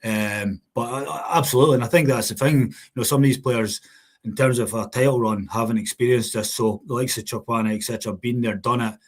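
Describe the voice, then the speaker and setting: A man co-hosting a football podcast, talking quickly with lots of "you know what I mean". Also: medium pitch, steady tone. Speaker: podcast co-host. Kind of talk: casual football podcast chat.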